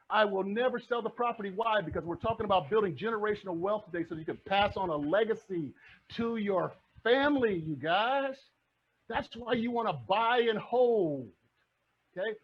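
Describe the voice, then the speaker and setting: A husky, high-pitched man fires question after question at a club audience in an upbeat investing pitch. The sound is dull and lo-fi. He talks with the push of a motivational presenter. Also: expressive, moderate pace. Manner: acts out the audience's replies. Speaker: real estate investor and presenter. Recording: dull lo-fi recording.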